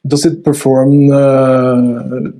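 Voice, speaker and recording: A man's voice: medium pitch, little pitch movement, very slow, warm tone, poor audio. A man who is the host, asking hesitant questions in a casual webinar. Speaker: interviewer.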